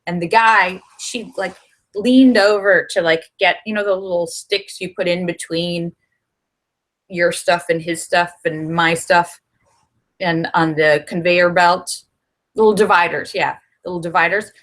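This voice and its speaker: Her voice runs on the low side at a measured pace. She's a middle-aged woman livestreaming casually from her Los Angeles home, spinning a chatty story and livening up as she performs what others said.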